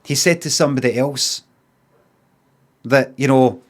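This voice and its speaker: A Scottish man streaming, telling a story in a casual, sweary rant and acting out both sides of an argument in quick asides. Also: medium pitch.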